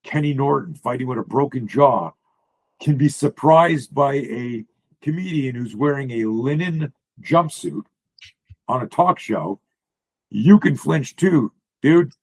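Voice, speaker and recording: A man, a self-defense coach, explaining drills while sharing slides on a video call, blunt and profane in an animated way. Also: medium pitch, a little slow, husky, rough recording.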